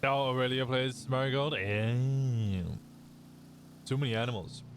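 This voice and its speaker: A man's voice: medium pitch, a little slow, slight background noise. A British man streaming a roleplay game, chatting casually in character, laughing easily and trailing off into restarts.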